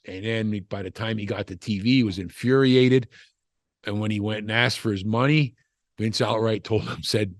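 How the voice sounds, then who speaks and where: A man's voice: on the low side, fairly even intonation, normal speed, no room sound, studio quality. An older man, a former wrestler, telling stories in a casual interview, rambling with frequent restarts and "you know" asides. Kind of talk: casual storytelling chat.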